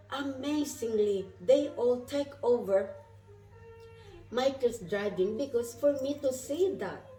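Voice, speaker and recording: A woman's voice: mid-range voice, dark tone, roomy sound, recorded from a distance, rough recording. A woman vlogging from inside a moving car, effusive and spiritual, often asking her viewers "isn't that wonderful". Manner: effusive, repeats questions to viewers. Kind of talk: spiritual travel vlog.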